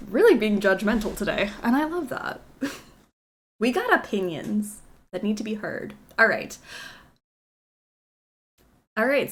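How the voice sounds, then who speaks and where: A woman raised in Kentucky and Texas, chatting excitedly and giggling with viewers while streaming a game. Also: a little high. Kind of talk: casual chat while playing a game.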